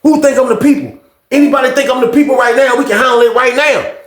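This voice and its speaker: Brief: a man as a confrontational prisoner, raised pitch, insistent, roomy recording. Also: fairly even intonation, fast. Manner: insistent, confrontational, repeating himself. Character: defiant male inmate calling out accusers. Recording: roomy echo.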